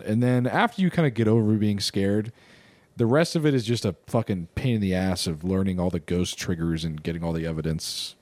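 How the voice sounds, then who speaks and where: A man's voice: on the low side, normal speed, a little mellow, no echo. A young man co-hosting a podcast, chatting casually and explaining at length, swearing freely. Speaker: podcast co-host. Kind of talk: casual chat.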